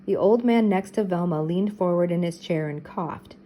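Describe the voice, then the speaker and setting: An older woman reading a children's mystery book aloud, clear and expressive. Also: fairly low pitch, moderate pace, slight background noise, low-quality recording. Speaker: storybook reader. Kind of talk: children's storybook read-aloud.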